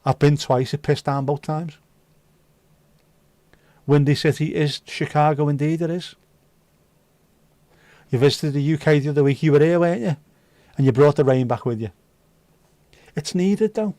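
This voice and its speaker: Bloke chatting on a livestream, mellow low-key voice, dry sound, swears a lot and jokes around. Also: male voice, normal speed, long pauses, dry recording. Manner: sweary, jokey banter. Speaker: livestream host. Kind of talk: casual chat reading viewer comments. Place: indoors.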